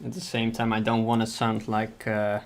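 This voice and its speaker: A man's voice: lowish voice, completely flat delivery, normal speed. A man hosting a livestream, chatting casually while he draws. He rambles, corrects himself and swears mildly. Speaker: livestream host. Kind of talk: casual chat while drawing.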